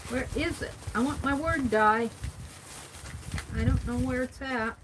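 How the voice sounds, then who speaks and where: A woman vlogger casually chatting through her craft supply haul and tallying up prices out loud as she thinks. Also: sits high, unhurried, background noise.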